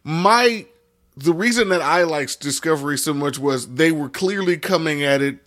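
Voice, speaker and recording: A man with a slightly high voice talking casually on a podcast. He stumbles and repeats words as he begins his points. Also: a bit bright. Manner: halting, stammering starts. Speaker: podcast co-host. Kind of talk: casual chat.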